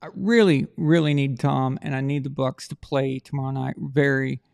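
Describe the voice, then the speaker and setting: Gravelly-voiced man rambling on a livestream. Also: medium pitch, steady tone, moderate pace, a little mellow. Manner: rambling, thinks aloud, trails off. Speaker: livestream host. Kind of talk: casual livestream chat.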